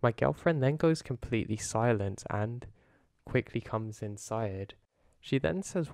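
A man narrating a first-person horror story in an earnest, steady way. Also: mid-range voice, moderate pace, vocal fry, no echo, clean studio sound.

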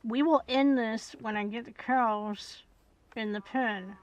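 A woman giving gameplay commentary, muttering and whispering to herself and scolding the animals in loud bursts. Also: a little high, fairly even intonation, takes it slowly. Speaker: gamer.

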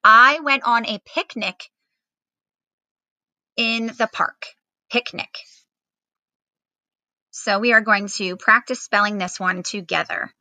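A woman's voice: on the high side, measured pace, pushed and bright, dry recording, poor audio. A woman teacher giving a recorded phonics lesson to children at home, patiently spelling out words with fillers.

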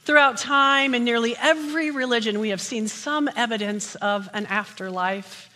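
Woman pastor, sermon, fairly high bright voice, long church reverb. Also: normal speed. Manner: opens with jokes, then steady teaching. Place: church sanctuary.

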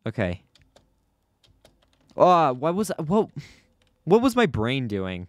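A man's voice: fairly high pitch, huge pitch swings, slow, dry recording, clean studio sound. A young man giving casual, chatty commentary over his own gameplay, often flustered and poking fun at himself. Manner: chatty, self-deprecating, easily flustered. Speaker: gaming YouTuber.

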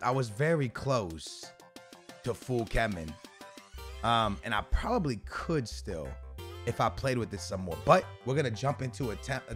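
Excitable young man commentating gameplay. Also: mid-range voice. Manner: excitable, shouts and laughs at big moments, slangy. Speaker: gaming YouTuber.

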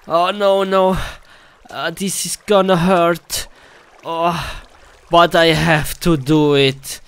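Slow, halting man acting in a comedy skit. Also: a little high, flat delivery, a bit bright, clear, resonant tone. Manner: halting, broken English with many "oh" and "hmm" sounds. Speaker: skit performer.

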